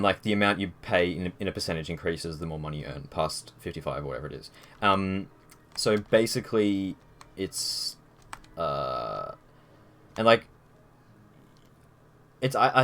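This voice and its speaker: A man's voice: deep voice, a bit bright. A young man streaming from his desk on a headset, chatting casually and rambling with fillers. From Australia. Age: young adult. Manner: rambling and easygoing, with many fillers and restarts. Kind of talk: casual live-stream chat.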